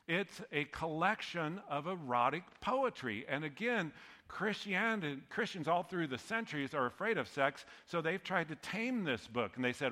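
A man's voice: a little high, pushed and bright. A man preaching a sermon as pastor, conversational and joking, often laughing at his own lines. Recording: long hall reverb.

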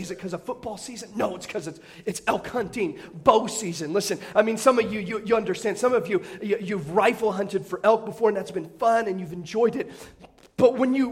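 This storytelling sermon comes from a middle-aged pastor whose voice sits high. He tells humorous personal stories, makes self-deprecating jokes and often restarts his phrases.

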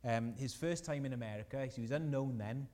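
A man preaches a sermon with a warm, mellow tone. He speaks earnestly and lifts his voice on key lines. The church hall rings with long reverb around him. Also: mid-range voice, fairly quick. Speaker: pastor.

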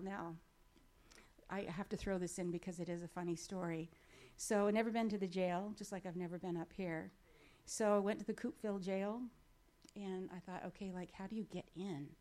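Woman telling a lively faith testimony. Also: mid-range voice, normal speed. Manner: animated storytelling with acted-out dialogue and frequent fillers. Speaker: speaker sharing a personal faith story. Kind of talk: storytelling testimony. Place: speaking from a stage to a gathering.

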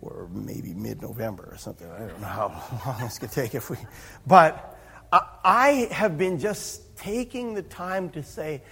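A man's voice: mid-range voice, moderate pace, vocal fry, sharp tone, husky. A man preaching a sermon as pastor, in a conversational, self-interrupting way with chuckling asides. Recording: reverberant hall.

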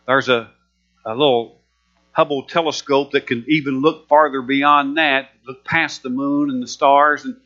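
A man's voice: mid-range voice, steady tone, measured pace, sharp tone. A man preaching a sermon, emphatic and repetitive, building fervor as he retells scripture. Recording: muffled lo-fi recording with mains hum.

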